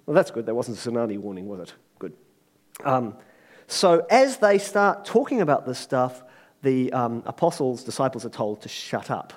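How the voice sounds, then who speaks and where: A man preaching a sermon in a lively, conversational way, joking and acting out quotes. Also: medium pitch, moderate pace.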